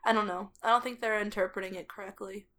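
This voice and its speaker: A woman co-hosting a podcast, telling a story in casual chat, animated and laughing often. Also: medium pitch, fast. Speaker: podcast co-host.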